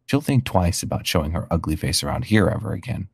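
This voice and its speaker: A sneering teenage bully girl, mocking her victim, as a male storyteller voices her. The reading stays low and creaky with a husky grain, in a close, dry recording. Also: very animated, fast talker, a little mellow, dry recording, heavily acted. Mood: taunting. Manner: mocking, taunting.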